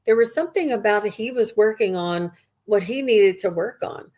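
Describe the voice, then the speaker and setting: A woman's voice: medium pitch, normal speed, a little mellow. A woman working as a psychic medium, giving a live reading to viewers in an earnest, rambling way with many restarts.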